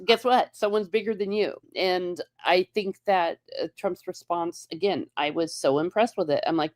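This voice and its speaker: A woman hosting a casual chat, talking quickly and emphatically and laughing often. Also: medium pitch, sing-song. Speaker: podcast host.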